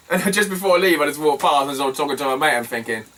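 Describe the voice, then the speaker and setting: A man's voice: a little high, fairly bright tone, distant mic, low-quality recording. A British man chatting casually in a vlog about his retro game finds, rambling, swearing freely and laughing as he tells stories. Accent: British English. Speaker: retro game collector vlogger.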